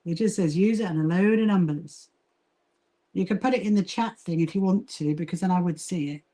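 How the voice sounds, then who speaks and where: Speaking in a lowish, mellow voice at a fairly quick pace, this southern English woman runs a relaxed sewing livestream. She founded a quilting association, greets viewers chattily while she works, and frequently starts her sentences over.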